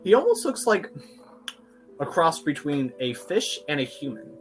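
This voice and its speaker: A man's voice: on the high side, huge pitch swings, normal speed, soft background music. A man running a tabletop game as game master, describing scenes with some hesitant fillers.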